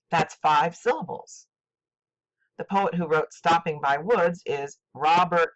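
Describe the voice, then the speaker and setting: Older woman, teacher, low voice, lively intonation, deliberate clear delivery. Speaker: literature teacher. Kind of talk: scripted instructional lesson. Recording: dull lo-fi recording.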